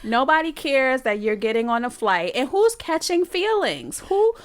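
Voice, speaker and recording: A woman's voice: sits high, sing-song, moderate pace. A woman co-hosting a podcast, ranting in a sassy, exasperated way in casual chat. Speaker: podcast co-host.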